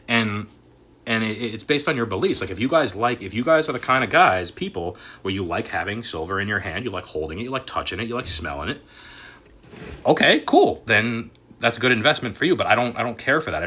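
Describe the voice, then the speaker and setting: A man delivers an angry, cursing vlog rant, his pitch leaping wildly between shouted outbursts and low, grumbling asides. His voice is bright and forceful, with a husky, raspy edge. The talk is a loose monologue that keeps circling back to his frustrations. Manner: angry and swearing, swings from shouting to muttering. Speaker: crypto and collectibles YouTuber. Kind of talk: profane ranting vlog.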